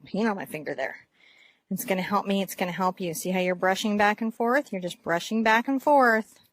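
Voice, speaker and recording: A woman teaching a painting lesson step by step, gentle and encouraging as she talks through each brushstroke while she paints. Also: mid-range voice, brisk, dry recording. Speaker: art teacher.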